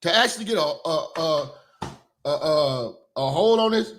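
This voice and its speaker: A high-voiced man rants and swears through reaction commentary. His pitch swings all over the place as he jumps from one complaint to the next. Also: normal speed, a little hiss or hum. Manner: animated, swearing, ranting. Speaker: commentary streamer.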